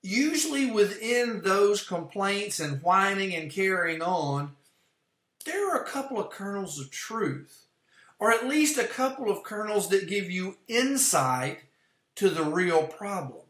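A man preaching a sermon, teaching from an outline in an earnest, measured way and explaining his points step by step. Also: high voice, big pitch swings, fairly bright tone. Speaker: pastor. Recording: echoey room.

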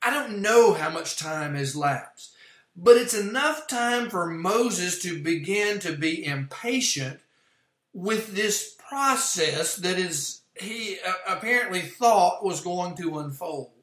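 A man preaching a sermon, teaching from an outline in an earnest, measured way and explaining his points step by step. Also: high-pitched, animated, a bit bright. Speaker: pastor. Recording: echoey room.

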